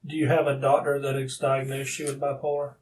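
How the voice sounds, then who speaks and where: A man, a police detective, asking steady, procedural questions in an interview room. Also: medium pitch, brisk. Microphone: room recording device. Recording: distant room recording with faint hiss.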